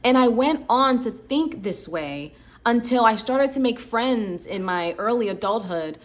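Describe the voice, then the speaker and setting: With a fairly high, expressive voice at a measured pace, a late-twenties channel host reflects on personal stories in a conversational style. She often says "like" and "um."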